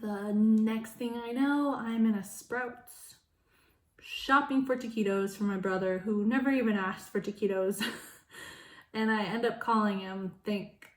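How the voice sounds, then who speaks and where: Young woman vlogger, middle-pitched, candid and profane, telling her story with laughs and loud acted-out quotes, in a roomy space. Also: steady tone, measured pace. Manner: casual and frank, swears, laughs between lines; acts out quoted voices with sudden loud high bursts.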